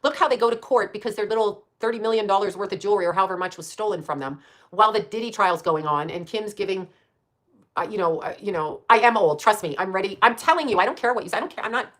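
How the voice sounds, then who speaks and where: Rapid, unfiltered talk from a woman of about sixty, who hops from one thought to the next, curses without a second thought and breaks into laughs. Her pitch sits right in the middle for a woman. It is casual livestream chat, loose and off the cuff. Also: a bit bright. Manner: blunt, profane, rambling, laughs often.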